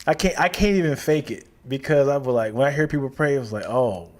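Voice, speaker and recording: A male podcast co-host in relaxed, loose conversation. His voice moves up and down a lot, swinging widely with each joke. He teases his partner and laughs easily. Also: fairly high pitch, quick pace. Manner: playful, teasing, laughs often. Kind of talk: casual chat.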